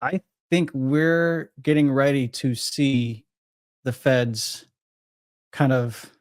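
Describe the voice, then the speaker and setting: A man's voice: mid-range voice, very slow, no echo, studio quality. A man talking casually about crypto trading, rambling with frequent restarts and self-corrections. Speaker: crypto trader guest. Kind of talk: casual podcast chat.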